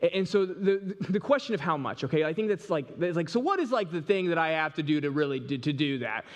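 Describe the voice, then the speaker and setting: A man preaching a sermon as pastor, talking in an animated, conversational way with lots of fillers and restarts. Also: fairly high pitch, big-room sound. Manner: reads scripture slowly and deliberately.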